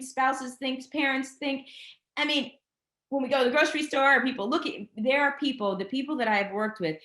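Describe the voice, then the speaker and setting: A woman giving an energetic, motivational career webinar, speaking straight to her audience and wandering off on tangents. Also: on the high side, echoey room. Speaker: presenter of a career master class. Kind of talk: webinar talk.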